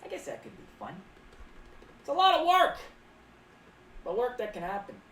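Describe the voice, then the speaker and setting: A woman's voice: medium pitch, wildly swooping pitch, moderate pace, fairly bright tone, distant mic. A woman streaming as a clown, casually rambling and reading chat aloud, often speaking of herself in the third person. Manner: rambling, playful asides. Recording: roomy, off-mic with faint background noise.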